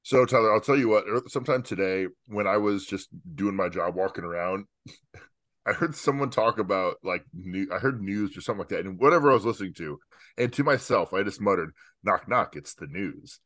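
A man's voice: fairly low pitch, a little fast, fairly bright tone, no echo, studio quality. A man hosting a casual podcast, rambling and teasing his co-hosts as he jokes through the intro. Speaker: podcast host.

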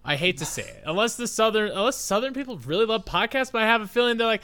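A young man co-hosting a podcast, chatting casually, jokey, animated and full of swearing. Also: high-pitched, quick pace, few pauses, clean tone. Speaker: podcast co-host. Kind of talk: casual chat.

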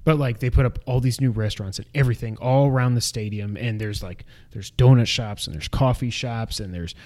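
A man's voice: mid-range voice, a little fast, a little mellow. A man co-hosting a podcast, gushing and rambling in casual chat. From Canada. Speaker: podcast co-host.

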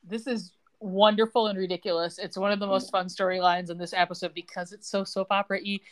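A woman's voice: medium pitch, level tone, a little fast. A woman hosting a podcast, casually retelling a TV episode with sarcastic asides and laughs. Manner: sarcastic, quips and laughs while retelling scenes. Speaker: podcast host recapping a TV episode. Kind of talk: casual chat.

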